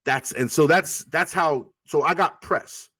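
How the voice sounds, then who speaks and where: Telling stories as an interview guest, this rapper is animated and profane, reenacting old conversations as he goes. His somewhat high, slightly rough voice moves at a measured pace with no room sound.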